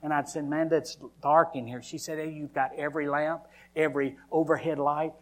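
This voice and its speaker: A man's voice: fairly high pitch, little pitch movement, a little fast. Man preaching a dramatic testimony. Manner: dramatic storytelling, acting out his own cries. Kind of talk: testimony sermon.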